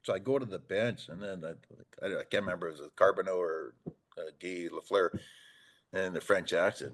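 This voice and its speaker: A man's voice: lowish voice, animated, unhurried. A man in his sixties, a former hockey player, telling rambling anecdotes on a podcast, acting out the dialogue and chuckling often. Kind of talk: casual storytelling chat.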